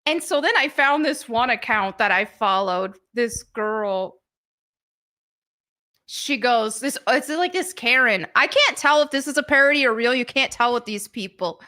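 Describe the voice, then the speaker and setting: A woman's voice: fairly high pitch, expressive, measured pace, sharp tone. A woman hosting a live stream in a casual chat, giggling often and mocking what she reads.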